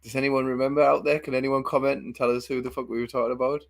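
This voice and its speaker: A man's voice: medium pitch, little pitch movement, rapid-fire, gravelly. A man co-hosting a livestream in casual chat, laughing often and swearing freely as he banters. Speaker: livestream co-host.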